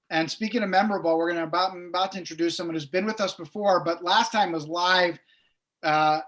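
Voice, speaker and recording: A man's voice: high-pitched, fairly bright tone. Male rabbi host, casual introductions with many fillers, video call audio. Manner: loose, filler-heavy introductions. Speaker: rabbi hosting the event. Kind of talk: hosting an online congregation event.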